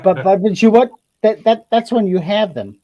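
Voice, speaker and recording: A man's voice: high-pitched, lively intonation, normal speed, muffled recording. A man in a casual group chat over a video call, stammering and repeating words as he starts a point. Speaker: chat participant.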